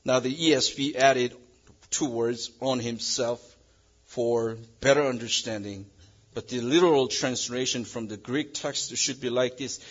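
A male pastor preaching a sermon in English that is not his first language, swinging between loud emphasis and a quiet hush. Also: medium pitch, breathy edge, lo-fi sound. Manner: non-native English phrasing.

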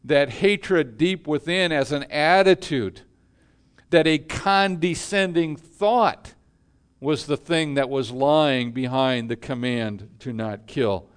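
A male pastor preaching a sermon in a measured way, letting his voice fall quiet at the ends of phrases. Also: on the high side, clean tone.

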